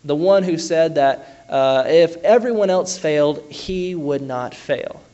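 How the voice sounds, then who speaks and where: Guy giving a sermon, kinda high voice, chatty, lots of uh's and restarts. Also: takes it slowly, warm tone, highs cut off. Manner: conversational, frequent uh fillers and restarts. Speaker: preacher.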